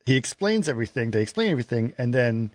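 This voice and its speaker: A man co-hosting a casual film podcast, retelling scenes with quick put-on voices and frequent laughter. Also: medium pitch, sing-song, no room sound. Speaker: podcast co-host.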